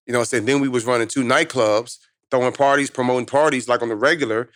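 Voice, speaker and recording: A man in his thirties, a motivational speaker, telling his life story in lively slang-filled conversation as a podcast guest. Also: mid-range voice, dry recording, clean studio sound. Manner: fast, animated street-slang storytelling.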